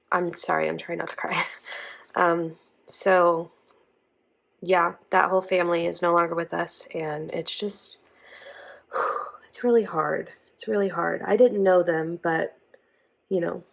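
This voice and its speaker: A woman's voice: lowish voice, gravelly. A woman talking in a rambling, earnest way while she sets up her planner at home, using lots of fillers. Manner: rambling and chatty, heavy on "um" and "like"; earnest, emotional and apologetic. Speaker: planner vlogger. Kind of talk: casual chat while decorating a planner.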